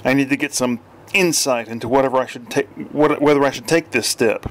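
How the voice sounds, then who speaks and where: A man's voice: mid-range voice, a little fast, close to an everyday voice. A man reads an aging novelist near sixty, earnest and searching as he talks over his next step. He sounds restless and sincere, a figure in a storybook audiobook.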